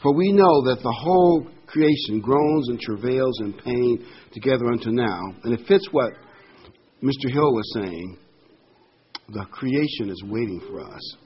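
An older man preaching a sermon, reading Bible verses slowly and with emphasis between plain explanations. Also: medium pitch, breathy edge. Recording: dull lo-fi with faint noise.

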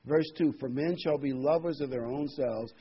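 A middle-aged man preaching a prophecy sermon, reading scripture and repeating phrases for emphasis, his loudness rising and falling. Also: mid-range voice, normal speed, slightly rough. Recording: dull lo-fi sermon recording.

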